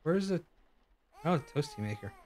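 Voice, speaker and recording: A man's voice: fairly high pitch, big pitch swings, moderate pace, darkish tone, a little hiss or hum. A young man giving casual let's-play commentary, joking and reacting jumpily to a horror game. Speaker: gaming YouTuber.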